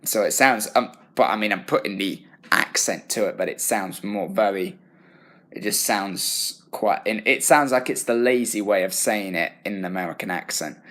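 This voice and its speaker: Young British drama student, lowish voice, halting reflective self-assessment. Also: male voice, fairly bright tone. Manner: thoughtful, self-correcting, halting.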